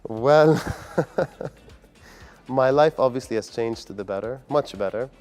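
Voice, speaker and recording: A man's voice: mid-range voice, slow, a little mellow, faint music behind. A man from the UAE, a comedian answering interview questions in an upbeat, earnest way. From United Arab Emirates. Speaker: comedian and guest.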